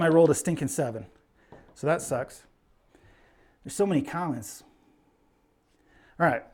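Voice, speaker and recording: Give me a man with a slightly high voice, casually chatting through a live stream and a bit winded. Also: darkish tone. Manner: chatty, reads viewer names aloud. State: out of breath. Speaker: livestream host.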